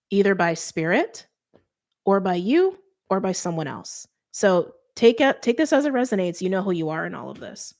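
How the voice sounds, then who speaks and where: A woman doing an intuitive tarot card reading, speaking softly and earnestly and letting her emotions show. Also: medium pitch. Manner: soft, earnest, openly emotional. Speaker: tarot reader.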